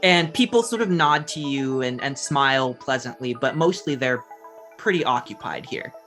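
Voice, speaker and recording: Easygoing male game master, mid pitch, chatty descriptions, soft music bed. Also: animated, normal speed. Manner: casual, descriptive, filler-heavy. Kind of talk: narrating a tabletop game.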